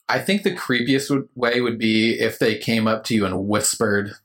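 A man co-hosting a podcast in casual chat, easygoing and quick to laugh. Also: lowish voice, fairly even intonation, a bit bright. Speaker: podcast host.

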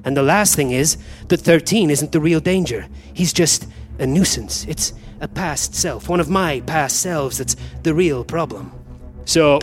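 A squabbling male time traveler arguing with his own other selves, as a man acts him out on a live theatre stage. He trades quick comic banter and yelps through scuffles in a fairly high voice. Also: lightly acted. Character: bickering versions of one male time traveler. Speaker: actor in a live comedy audio play. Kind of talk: stage comedy acting.

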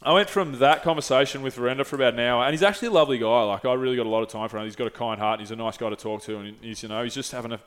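A man's voice: mid-range voice, rapid-fire, few pauses, clear, resonant tone. A young man, hosting a casual chat and telling a story candidly, with frequent swearing and restarts. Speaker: podcast host.

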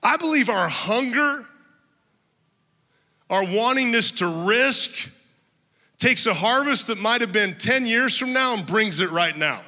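A man's voice: extremely high pitch, animated, a little slow, pauses often, pushed and bright, big-room sound. A male pastor preaching a sermon to a congregation, emphatic and personal, telling his own story with touches of humor. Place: church hall with a congregation.

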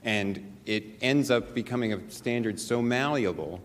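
A man giving a formal, measured legal argument as defense counsel at a podium microphone in a large chamber. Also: mid-range voice. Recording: long reverb in large chamber, faint ambience.

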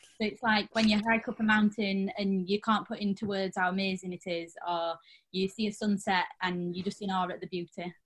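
A young woman being interviewed as a guest, relaxed and a bit hesitant, often trailing off softly. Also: mid-range voice, normal speed. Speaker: guest, outdoor brand founder. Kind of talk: casual interview.

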